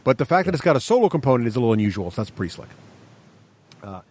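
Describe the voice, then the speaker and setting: A man co-hosting a podcast, talking eagerly about a game. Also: medium pitch. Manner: enthusiastic, quick, lively. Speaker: podcast co-host. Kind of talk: casual chat.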